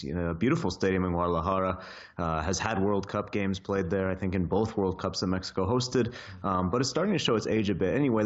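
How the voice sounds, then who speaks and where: A man's voice: on the low side, muffled recording. A male football correspondent on a remote line, explaining at length with frequent fillers.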